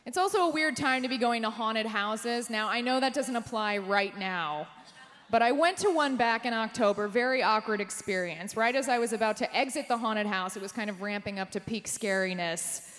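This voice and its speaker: A woman performing a stand-up comedy set on a theater stage, delivering deadpan punchlines and jumping high for quoted voices. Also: moderate pace. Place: theater stage before a live audience. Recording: live stage mic with hall reverb.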